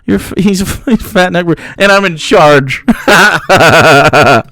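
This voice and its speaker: A man's voice: high voice, measured pace, pushed and bright. Jeering, laughing male streamer. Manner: taunting, profane, laughing often. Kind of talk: live stream commentary.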